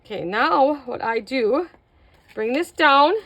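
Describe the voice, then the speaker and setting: A middle-aged woman with a somewhat high voice walks viewers through a craft project at home. She chats as she works and pokes fun at her own mistakes. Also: animated, takes it slowly, fairly bright tone. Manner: chatty, self-mocking, talks to viewers while working. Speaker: craft video host. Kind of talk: casual craft tutorial.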